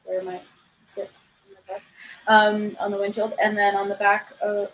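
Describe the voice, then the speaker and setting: A woman chatting casually on a podcast, relaxed and easygoing. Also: mid-range voice, normal speed, slight background noise, poor audio. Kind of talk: casual chat.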